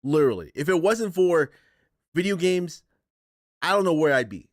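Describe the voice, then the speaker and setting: Male streamer host, slightly higher voice, dry close sound, rambling and emotional, casual rant. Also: big pitch swings, moderate pace, no echo. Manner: rambling, emotional, swears, reads chat aloud. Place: home stream setup in a chair.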